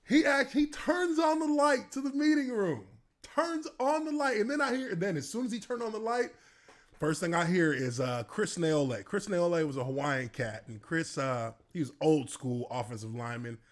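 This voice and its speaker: A former pro football player in his thirties tells stories casually and animatedly, laughing and acting out the scenes. His voice is fairly high with lively intonation, and he speaks at a normal speed.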